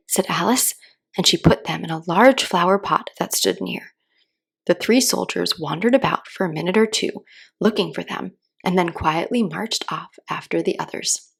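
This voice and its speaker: Gentle, gravelly woman reading a bedtime story. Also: on the low side. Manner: slow, gentle, soothing delivery. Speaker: children's story reader. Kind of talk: calm read-aloud storytelling.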